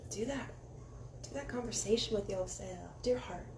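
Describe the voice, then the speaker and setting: A woman giving a casual spiritual oracle card reading, candid and encouraging, sometimes dropping into soft meditation guidance. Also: mid-range voice, moderate pace. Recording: echoey room with faint ambient noise.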